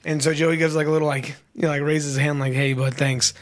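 A young man co-hosting a casual podcast, telling a story with lively mimicry of other people. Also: quick pace. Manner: animated storyteller, mimics others with sudden high voices. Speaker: podcast co-host.

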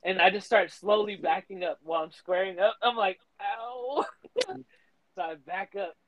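A man's voice: high-pitched, moderate pace, background noise. A young man co-hosting a podcast, telling stories in casual chat, swearing a lot and laughing often. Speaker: podcast co-host.

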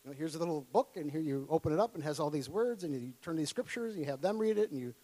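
A fairly high-voiced preacher from Minnesota talks very fast through a sermon built on a personal story. He animates it by playing his past self in excited tones and laughs often.

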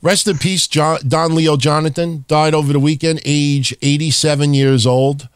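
A man's voice: fairly high pitch, fairly even intonation, clean tone, no room sound, studio quality. Blunt, profane male podcast host. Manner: blunt, profane, rapid-fire wrestling talk. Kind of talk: casual chat.

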